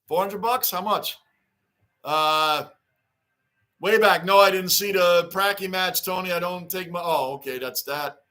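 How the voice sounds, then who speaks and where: A man's voice: high voice, unhurried, pushed and bright. A man hosting a casual sports livestream, chatting loosely, greeting viewers by name and repeating his points. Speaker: livestream host reading fan chat.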